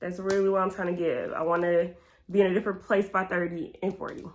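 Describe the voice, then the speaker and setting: A woman's voice: lowish voice, level tone, quick pace, darkish tone. A woman, talking to her viewers in a candid, slangy get-to-know-me Q&A. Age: 20s. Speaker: vlogger.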